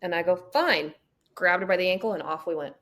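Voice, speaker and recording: A woman hosting a podcast, chatting casually and telling animated stories in which she acts out the people in them. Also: lowish voice, fairly quick. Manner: animated storyteller acting out quotes. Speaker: podcast host. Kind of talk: casual conversation, storytelling.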